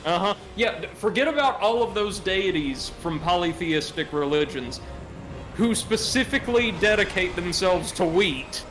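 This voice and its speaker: A man's voice: high voice, lively intonation, normal speed, music in the background. A man co-hosting a casual live stream, reading chat messages aloud and joking about them.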